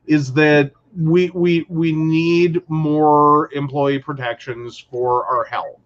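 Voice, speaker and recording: A man with a high voice co-hosts a casual talk show. He tells stories in an animated way and acts out what people said. The audio is slightly muffled and lo-fi. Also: takes it slowly. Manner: animated storyteller who acts out quotes. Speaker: podcast co-host. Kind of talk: casual chat.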